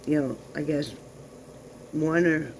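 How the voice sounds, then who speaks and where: A woman with a gravelly edge talks casually at home to her viewers, drifting into cooing baby talk for her little dog. Her pitch sits in a middle range, and faint room noise is heard behind her. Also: slow pace. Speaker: vlogger.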